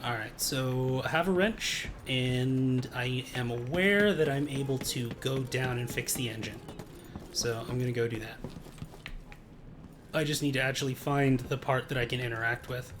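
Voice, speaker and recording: A man's voice: medium pitch, a little slow, a bit bright, a little hiss or hum. A man streaming a game playthrough, rambling casually and reading in-game text aloud. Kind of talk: casual let's play commentary.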